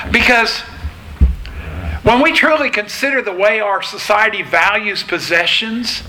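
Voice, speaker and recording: A man preaching a sermon in a slow, deliberate way, pausing between phrases. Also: high-pitched, bright, forceful tone, poor audio. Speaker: pastor.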